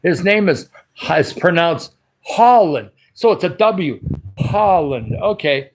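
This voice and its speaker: A man hosting a casual livestream, his throat dry and raspy, rambling along and greeting viewers by name as he reads their comments. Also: high voice, lively intonation, slow, slight background noise. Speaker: livestream host.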